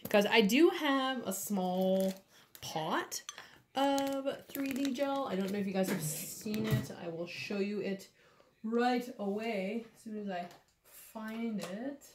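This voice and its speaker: Woman chatting slowly at her nail desk, lots of ums, middle pitch. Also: a little hiss or hum. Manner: slow, chatty, with many fillers. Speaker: nail artist. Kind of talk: casual tutorial chat. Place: home nail studio.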